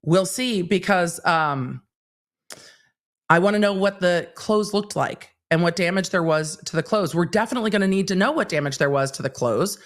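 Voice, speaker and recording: A woman's voice: on the low side, normal speed. A woman hosting a casual livestream, recapping a trial in a chatty way, acting out quotes as she retells them. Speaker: legal commentator and livestream host.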